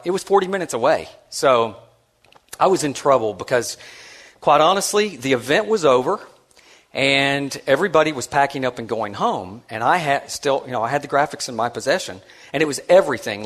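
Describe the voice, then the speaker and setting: Animated storytelling man on stage. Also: mid-range voice, a little fast. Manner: animated, acts out quoted voices; self-deprecating and conversational, with many restarts. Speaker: conference speaker. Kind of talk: storytelling keynote address.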